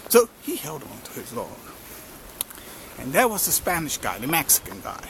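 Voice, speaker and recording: Rambling male vlogger, lively pitch. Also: moderate pace, gravelly, background noise. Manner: rambling, with frequent fillers. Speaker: motivational marketing vlogger. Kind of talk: casual storytelling.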